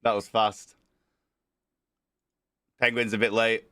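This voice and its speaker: A man's voice: medium pitch, normal speed, pauses often, pushed and bright, no room sound, clean studio sound. A man streaming from home with a worsening cold, chatting casually, greeting viewers by name and swearing freely. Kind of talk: casual livestream chat.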